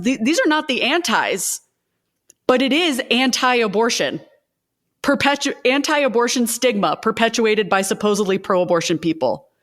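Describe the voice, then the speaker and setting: Impassioned woman advocate on a panel. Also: fairly high pitch. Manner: impassioned, speaks in bursts with restarts. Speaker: advocacy group co-founder. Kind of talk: panel conversation.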